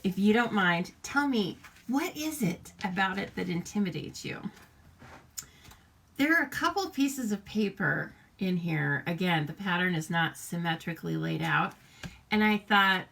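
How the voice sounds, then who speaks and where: A friendly, talkative woman leads a live craft demonstration. Her voice sits on the low side for a woman, and she greets viewers by name and laughs easily as she explains. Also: expressive, measured pace, creaky, a bit bright. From United States. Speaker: papercraft demonstrator hosting a live stream.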